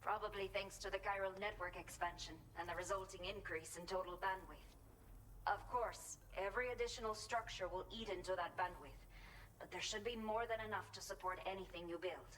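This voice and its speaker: A woman's voice: medium pitch, brisk, fairly bright tone, a little hiss or hum, natural voice, low-quality recording. An actress voicing an earnest, grateful young woman in a video game, a reformed former bandit who now looks after elderly villagers. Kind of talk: game cutscene dialogue.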